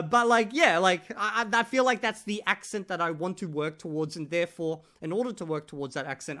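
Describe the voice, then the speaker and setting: A language-learning vlogger talks casually to camera, chatty and jokey, calling his viewers "guys." His voice is fairly high and a bit bright.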